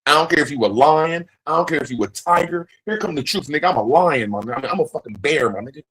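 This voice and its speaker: A man's voice: a little high, expressive, fast talker, fairly bright tone, breathy edge, rough recording. A man hosting a livestream, talking in a profane, rambling, emphatic casual rant. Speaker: livestream host.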